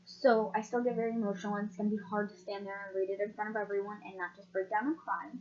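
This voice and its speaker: A teenage girl reading her own heartfelt story aloud, tearful and emotional, speaking earnestly with some halting pauses. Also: medium pitch, flat delivery, darkish tone, highs cut off. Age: late teens. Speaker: vlogger.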